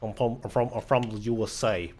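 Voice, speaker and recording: A man's voice: lowish voice, steady tone, fairly quick, a little mellow. A young man chatting casually while playing a game on a charity stream, rambling and swearing, with lots of restarts. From Sweden. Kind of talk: casual livestream chat while gaming.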